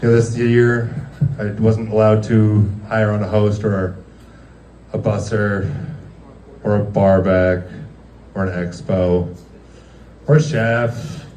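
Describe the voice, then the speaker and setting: A man's voice: lowish voice, level tone, slow, long pauses, darkish tone, slight background noise. A man doing a stand-up comedy set, rambling through stories with lots of fillers and acted-out quotes. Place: guerrilla comedy show venue. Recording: echoey room from far off.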